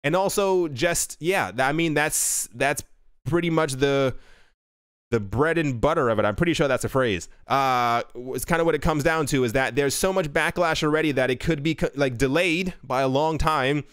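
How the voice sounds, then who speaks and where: A man's voice: on the high side, moderate pace, fairly bright tone, smooth, no echo, clean studio sound. A man hosting a crypto news show, reading out articles and adding rambling, self-correcting asides.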